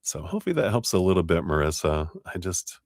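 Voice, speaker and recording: A deep-voiced man giving a live tarot reading to viewers. He chats loosely, laughs a lot and slips into quick acted-out quotes. The sound is dry and close. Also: very animated, dry recording. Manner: chatty, laughs often, acts out quotes. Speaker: tarot reader.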